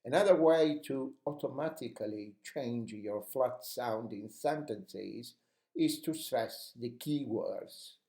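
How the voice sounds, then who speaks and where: Slow, mellow-voiced male speaking coach. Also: medium pitch, creaky, echoey room. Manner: encouraging, coaching tone. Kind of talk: instructional video lesson.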